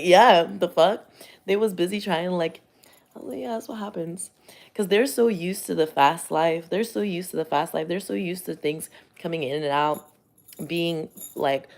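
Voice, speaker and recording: A woman's voice: low voice, a little mellow. A woman vlogging in casual chat, rambling and profane as she tells a story and reads tarot cards.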